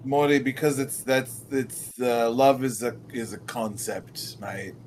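A man's voice: mid-range voice, unhurried, a little hiss or hum, lightly acted. A man voicing a chatty male parakeet with an Australian accent, rambling in slang and calling everyone mate. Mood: scolding. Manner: rambling, slangy, scolding, says mate a lot.

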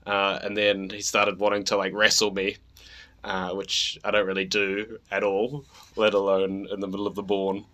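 A man co-hosting a casual chat, telling stories in a halting, rambling way with many restarts. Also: lowish voice, completely flat delivery, pushed and bright. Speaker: podcast co-host.

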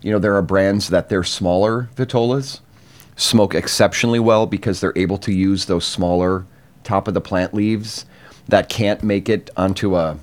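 A man's voice: sits low, steady tone, moderate pace. A man in a casual chat, explaining things at length in a knowing way.

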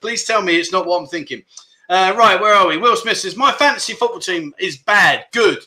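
Chatty male livestream host, bright timbre, self-deprecating banter with viewers. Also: high voice, fairly quick. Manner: chatty, jokey, self-deprecating, reads comments aloud. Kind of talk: casual chat reading viewer comments. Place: home livestream setup.

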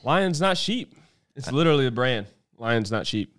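A man's voice: medium pitch, very animated, moderate pace, a bit bright. A young man co-hosting a podcast, easygoing and jokey in casual chat. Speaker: podcast co-host.

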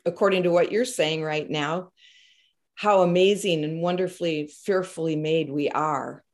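Affirming low-voiced female host. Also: steady tone, normal speed. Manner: affirming, frequent murmured agreement and scripture references. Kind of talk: faith-based interview.

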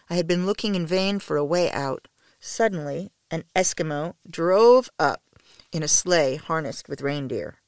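An audiobook narrator telling a first-person story with measured, expressive delivery. The pitch moves a lot and sits in a middle register. The recording is close and dry. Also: no room sound.

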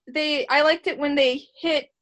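A woman with a high voice recaps a show episode in relaxed conversation. She talks in an animated way and slips into quick impressions of the characters as she retells scenes. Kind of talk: casual chat recapping an episode.

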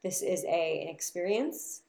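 A woman, a spiritual teacher and podcast host, talking in a casual reflective monologue that swings between loud bursts and soft murmurs, with casual swearing. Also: on the low side, lively intonation, unhurried, gravelly, roomy sound.

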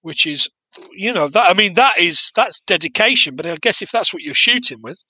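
A man with a high voice and a very sharp, bright tone, chatting on a podcast. He tells stories in an animated, joking way, swears freely and pokes fun at himself. The sound is dry and close. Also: a little fast, breathy edge, no echo, rough recording. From Glasgow area, Scotland. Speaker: podcast co-host reviewing a film. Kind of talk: casual chat.

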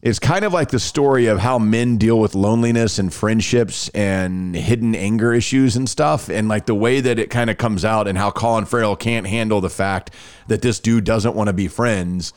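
A man's voice: fairly low pitch, moderate pace, clean tone, no echo. A man hosting a podcast, chatting casually and rambling with frequent restarts. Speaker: podcast host. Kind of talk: casual chat.

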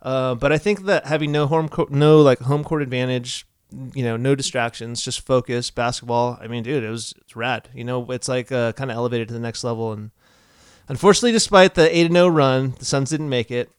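A man's voice: mid-range voice, fairly even intonation, brisk, clean tone, no room sound, clean studio sound. A young man co-hosting a podcast, chatting casually about sports in laid-back slang with swearing. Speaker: podcast co-host.

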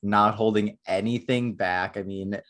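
A man's voice: lowish voice, fairly even intonation, measured pace, fairly bright tone. A man hosting a podcast, talking casually about a film and rambling with many filler words. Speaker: podcast host. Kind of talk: casual chat.

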